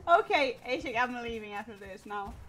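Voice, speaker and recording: Swedish-accented woman streamer, excitable and loud, bouncing pitch. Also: normal speed, a little hiss or hum. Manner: excitable, laughing, swearing. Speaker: streamer playing a battle royale game. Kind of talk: casual gaming chat.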